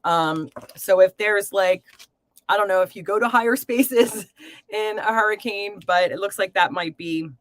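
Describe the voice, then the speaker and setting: A woman's voice: mid-range voice, measured pace, no room sound. A woman hosting a live tarot reading stream, talking casually to viewers with lots of fillers and pet names. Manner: chatty, warm to viewers, filler-heavy.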